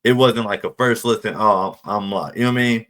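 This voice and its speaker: A man co-hosting a casual podcast, talking in a relaxed way and often laughing. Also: lowish voice, quick pace. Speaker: podcast co-host. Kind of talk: casual chat.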